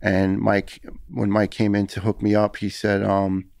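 A man's voice: fairly low pitch, monotone, measured pace, gravelly, few pauses, darkish tone, no room sound, studio quality. A man telling a personal story in a podcast interview, earnest and heated, often repeating words as he talks. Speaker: podcast guest, retired firefighter.

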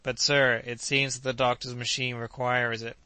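A cheerful, devoted young manservant, read by a man with a bright, smooth tone. He speaks with eager conviction, close and dry with no room around him. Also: mid-range voice, flat delivery, moderate pace, no room sound, natural voice. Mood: coaxing.

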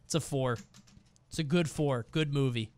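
A man streaming as he reacts to viewer clips and scores them, laughing often and swearing freely with loud exclamations. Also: medium pitch, normal speed, loud music behind the voice. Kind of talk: casual reaction commentary. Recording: background noise.

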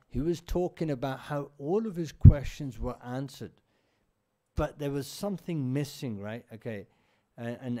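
A man's voice: medium pitch, warm tone. A man giving an informal religious lesson, telling stories and often checking in with his listeners. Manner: conversational storyteller, often checks in with "right?". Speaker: religious teacher. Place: mosque.

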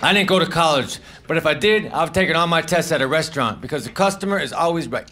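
Male stand-up, high voice, dry deadpan one-liners, muttered asides, noisy live club recording. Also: fast talker. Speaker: stand-up comedian.

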